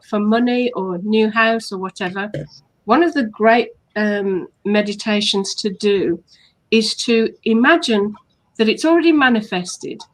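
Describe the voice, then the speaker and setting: Woman coaching through affirmation steps. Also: a little high. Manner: explains steps patiently, acting out sample compliments. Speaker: hypnotherapist co-host. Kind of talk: casual coaching chat.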